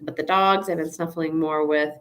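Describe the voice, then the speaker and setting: A woman's voice: low-pitched, fairly even intonation, moderate pace, a bit bright. A woman veterinarian hosting a casual live Q&A, chatty and rambling, with asides and acted-out quotes. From Chicago area, USA.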